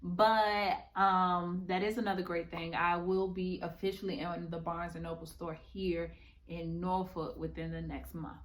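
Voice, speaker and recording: A young woman guest chats in an easy, upbeat way, pausing on ums as she gathers her thoughts. Her voice sits a little lower than most women's. It is an unscripted interview conversation. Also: flat delivery. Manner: upbeat, hesitant with frequent ums. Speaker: guest author. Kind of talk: casual interview chat.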